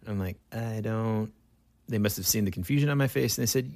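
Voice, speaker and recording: A man hosts a podcast in a low, gravelly voice. He tells stories in a loose, animated, chatty way. The sound is dry and close. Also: fairly quick, no echo. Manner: lively storyteller, loose and conversational. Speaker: podcast host. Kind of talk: casual chat.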